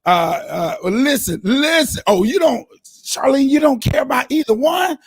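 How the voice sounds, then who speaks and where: A man hosting a casual sports talk show, excitable and chatty with lots of fillers, in a preacher-like manner. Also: very high voice, normal speed, slightly rough, dry recording, studio quality. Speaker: host.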